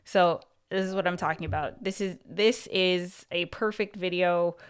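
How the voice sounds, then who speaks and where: Smooth-voiced woman giving casual coaching. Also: lowish voice, steady tone, normal speed. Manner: chatty, heavy on fillers like "like" and "you know"; restarts and repeats words mid-thought. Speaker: YouTube coach and livestream host. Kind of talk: casual livestream advice.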